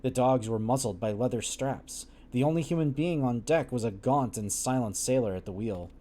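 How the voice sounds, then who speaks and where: A man's voice: mid-range voice, moderate pace, warm tone. A man reading a classic novel aloud on a livestream, stumbling over old wording and breaking off with wry, laughing asides. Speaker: livestream book reader.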